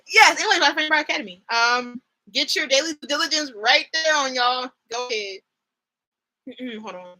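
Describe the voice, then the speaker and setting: A young woman streaming a casual fan chat, excitable and rambling, gushing with lots of fillers. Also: sits high, normal speed, rough recording. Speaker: streamer chatting with viewers.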